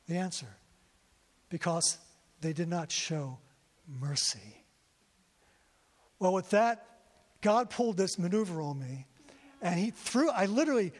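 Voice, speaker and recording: A man preaching a sermon to a congregation, telling his story with feeling and often repeating himself. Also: high-pitched. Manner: emotional storytelling, repeats words. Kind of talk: sermon testimony. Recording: long hall reverb.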